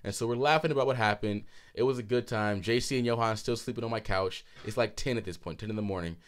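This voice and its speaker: A man in his twenties co-hosting a podcast, telling a story animatedly with frequent laughter and swearing, a bit hoarse. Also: on the low side, fast talker. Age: 20s. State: hoarse throat. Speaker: podcast co-host. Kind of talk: casual chat.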